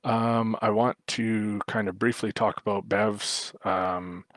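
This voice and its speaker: A man's voice: lowish voice, fairly even intonation, takes it slowly, a bit bright, dry recording. A man giving a livestreamed talk on raising puppies as a dog trainer, explaining at length with frequent fillers and restarts.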